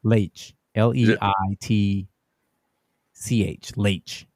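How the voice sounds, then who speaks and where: A man's voice: on the low side, steady tone, drawn-out words, darkish tone, dry recording, studio quality. A man co-hosting a casual podcast chat, reading listener comments aloud in a wry, chatty way. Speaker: co-host.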